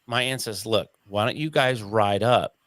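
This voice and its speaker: A man's voice: lowish voice, moderate pace, fairly bright tone, dry recording. A man telling a story as an interview guest, in casual talk that acts out the quoted voices and swears freely.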